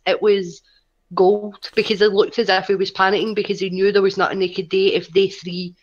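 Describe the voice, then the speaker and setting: A woman's voice: mid-range voice, flat delivery, brisk, muffled recording. A woman co-hosting a wrestling chat show, rambling and swearing, full of "like". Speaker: podcast co-host.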